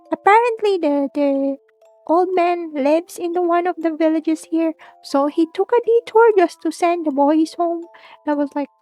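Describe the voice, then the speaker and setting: A woman tells a spooky tale in a loose, rambling way, circling back and restarting often. Her voice is high and light, and she talks at a slow, drawn-out pace. Faint music plays quietly behind her. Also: dry recording. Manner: rambling, with many restarts and giggles. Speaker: streamer. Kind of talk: casual spooky storytelling.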